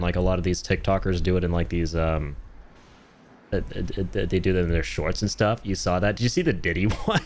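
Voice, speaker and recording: A man's voice: fairly low pitch, a little hiss or hum. A young man with a North American accent, telling stories in a casual chat while streaming a game, laughing often and trailing off with fillers. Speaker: livestreamer.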